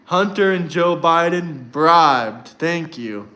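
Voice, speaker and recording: A man's voice: on the high side, animated, takes it slowly, sharp tone. A man hosting a casual livestream from his own setup, talking straight to his chat in a combative, mocking way. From United States. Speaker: livestream host.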